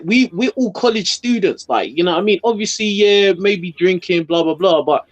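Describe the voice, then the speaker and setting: A young English man with an English accent telling a lively anecdote in a casual podcast chat. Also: a little high. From England. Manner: lively anecdotal, quoting others.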